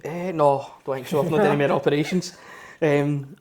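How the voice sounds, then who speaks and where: Fast-talking Scottish man telling stories. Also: fairly high pitch, fairly even intonation, a little mellow. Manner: rambling anecdotes with quoted dialogue. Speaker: podcast co-host. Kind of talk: casual chat, storytelling.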